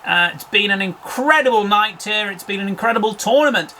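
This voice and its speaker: A man's voice: sits high, lively intonation, fairly quick, pushed and bright, a little hiss or hum, rough recording. Rambling man doing a mock commentary sign-off. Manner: rambling, full of fillers, broadcaster-polite. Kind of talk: comic parody commentary sign-off.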